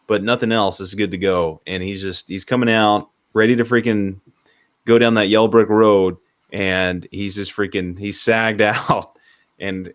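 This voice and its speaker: Rambling, jokey male podcast co-host. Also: lowish voice. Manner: rambling, jokey, animated storytelling. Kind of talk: casual movie discussion.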